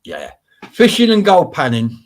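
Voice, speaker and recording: A man's voice: fairly high pitch, wildly swooping pitch, measured pace. A man from Wales hosting a casual live show, chatting and greeting viewers by name. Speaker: host. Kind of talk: casual live-stream chat.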